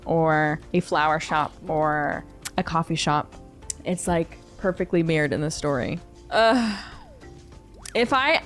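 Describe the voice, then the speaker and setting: Earnest, emotional young woman streamer. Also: on the low side. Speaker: gaming streamer. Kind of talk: casual game commentary.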